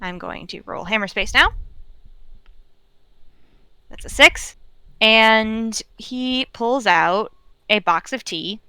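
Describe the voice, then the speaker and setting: A woman in a tabletop role-play game, narrating her character's actions in a relaxed, chatty way. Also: on the high side, takes it slowly, pauses often, clean tone, no room sound. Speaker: player.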